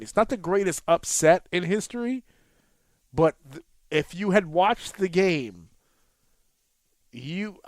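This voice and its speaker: Podcast guy in his 30s, kinda high voice, cusses a lot, gets worked up telling a game story, dry mic. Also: clear, resonant tone, dry recording. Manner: animated storyteller, profane, rises sharply when excited. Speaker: podcast co-host. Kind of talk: casual sports chat.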